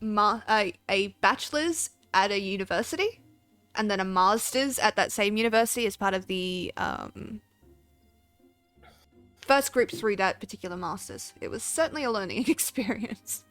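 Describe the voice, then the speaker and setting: A woman's voice: mid-range voice, normal speed, a bit bright, no room sound, soft background music. An Australian woman hosting her game stream, chatting casually and reading chat aloud in a self-deprecating way. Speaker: streamer host.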